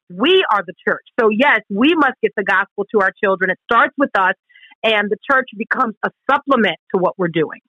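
Brisk, pushed and bright, a woman's mid-range voice rises and falls lively as she co-hosts a Christian radio talk show. She explains Scripture earnestly and emphatically, acting out quoted questions, in a dry, lo-fi recording.

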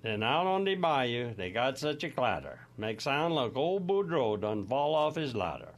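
Older cajun guy reading a poem aloud, bouncy sing-song pitch, folksy rhythm. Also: big pitch swings, normal speed. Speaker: guest reader.

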